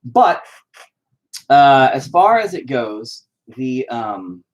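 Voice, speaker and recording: A man's voice: medium pitch, sing-song, extremely slow. A man chatting at home while painting, rambling through a profane, opinionated rant.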